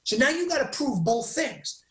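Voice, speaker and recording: As an interview guest, a man tells his story in an excitable, emphatic way, often breaking off mid-sentence. His voice is very high-pitched and moderately paced, in an echoey room.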